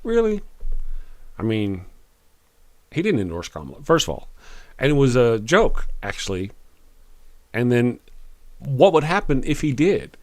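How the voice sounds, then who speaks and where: A man hosts a casual live stream and reads viewer chat aloud. His pitch swings widely. His delivery is wry and full of chuckles, and he talks quickly. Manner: animated, chuckling, wry, quick after lots of coffee. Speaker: live-stream show host.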